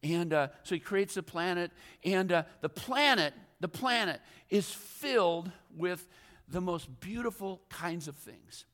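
A man's voice: high-pitched, expressive, a little slow, fairly bright tone. A male pastor preaching a sermon in a rambling, self-deprecating storytelling way, full of fillers and restarts. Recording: long reverb of a large hall.

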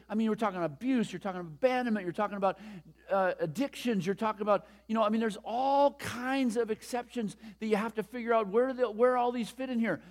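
An older male pastor delivers a sermon in a high-pitched voice. He talks conversationally, leans hard on key points and keeps asking the congregation questions. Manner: conversational, emphatic, asks the room questions.

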